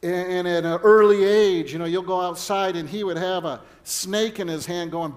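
Middle-aged male pastor with a high voice, earnest sermon delivery with stories. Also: moderate pace, few pauses. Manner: earnest preaching mixed with personal storytelling.

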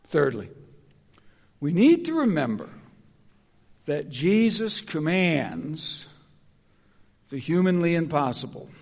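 A man preaching a sermon from the pulpit, his high voice swinging widely as he presses each point. He speaks slowly, with a gravelly rasp, and often restarts his sentences. His words ring out in the long reverb of a big sanctuary. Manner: animated, emphatic preaching with frequent restarts.

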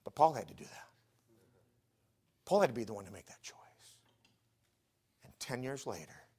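A man preaching an impassioned sermon as pastor, pleading with his listeners and swinging from shouts down to hushed whispers. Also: medium pitch, lively intonation, normal speed, long pauses, husky.

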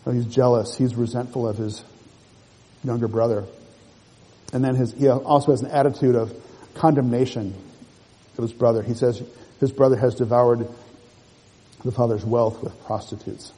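A man's voice: mid-range voice, mellow, slightly rough, in a large hall, poor audio. A man preaching a sermon, working through a passage verse by verse and explaining it to the congregation. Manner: measured expository preaching, rereads and explains verses. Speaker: pastor.

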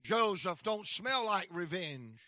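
A preacher with a very high, piercing, bright voice delivers his sermon slowly and deliberately, hammering lines through repetition. He breaks into sudden shouts. The sound is dry and close, with no room echo. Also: animated. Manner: impassioned preaching, rhythmic repetition, bursts of shouting.

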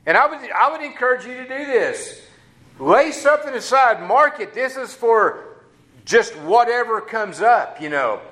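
A man with a drawl preaches in a loose, folksy way, tossing in casual asides. His voice sits a little high for a man. The sound carries a noticeable room echo. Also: a bit bright. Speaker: pastor. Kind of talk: sermon. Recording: echoey room.

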